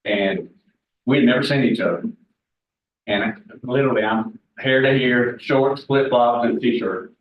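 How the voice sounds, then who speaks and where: A man's voice: medium pitch, measured pace, far from the mic. A man in his forties, telling candid stories and joking with a team in a meeting room. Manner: folksy, candid, joking with the audience. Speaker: guest speaker at a real estate team meeting. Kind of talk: casual storytelling talk to a room. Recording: echoey room recorded from afar, dull sound.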